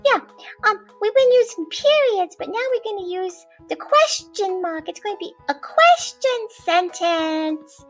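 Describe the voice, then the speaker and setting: A woman doing a squeaky, proud little girl puppet. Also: expressive, measured pace, faint music behind. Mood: cheerful. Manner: chirpy and self-assured.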